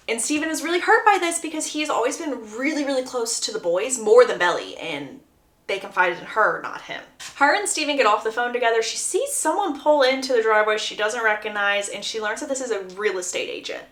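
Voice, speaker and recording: A woman giving a chatty, animated plot recap, laughing often and acting out the lines she quotes. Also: fairly high pitch, fairly quick. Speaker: book recap youtuber. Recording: roomy echo.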